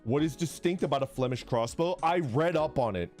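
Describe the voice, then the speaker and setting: Lively, animated young man chatting casually. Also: fairly quick, soft background music. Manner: rambling, laughing, swearing, acts out voices in a high yell. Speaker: streamer. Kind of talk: casual chat stream.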